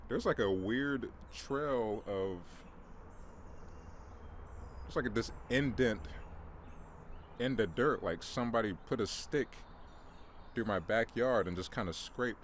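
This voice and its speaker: A man's voice: medium pitch, unhurried, slight background noise. A young man in his twenties rambling through a solo podcast at home, joking at his own expense and stumbling through restarts. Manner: rambling, self-deprecating, joking, many restarts and "bro". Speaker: podcast host. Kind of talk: solo morning podcast monologue. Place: at home, in view of his backyard.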